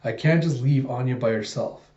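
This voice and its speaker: A man voicing a calculating spy father in a brisk, matter-of-fact way. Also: mid-range voice, dark tone, echoey room, lo-fi sound, lightly acted. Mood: smooth.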